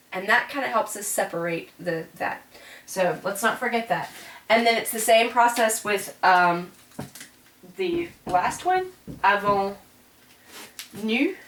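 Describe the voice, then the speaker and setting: A woman explains grammar in a relaxed classroom manner, saying y'all and pausing often on fillers. She is heard from some distance in an echoey room. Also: medium pitch, slight background noise. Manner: casual and chatty, says y'all, many ums and self-corrections. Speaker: French teacher. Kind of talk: classroom grammar lesson at a board.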